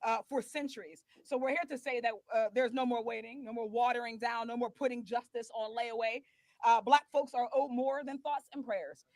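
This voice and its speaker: A woman's voice: fairly high pitch, steady tone, moderate pace, darkish tone, dry recording. A woman member of Congress giving a press conference speech, emphatic and building with repeated phrases.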